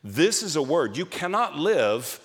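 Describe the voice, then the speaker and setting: Male pastor, lively, emphatic sermon delivery, slightly high voice, long church reverb. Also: measured pace, husky. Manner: animated, emphatic preaching with restarts.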